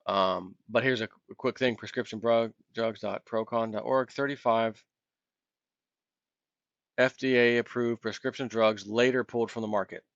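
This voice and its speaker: A man's voice: medium pitch, steady tone, normal speed, a bit bright, dry recording. A man delivers a heated, impassioned solo rant, now and then slipping into the voices of imagined callers. His sound is dry and close, with no room around it, and a little dull and muffled. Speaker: commentary video host. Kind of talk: ranting solo commentary.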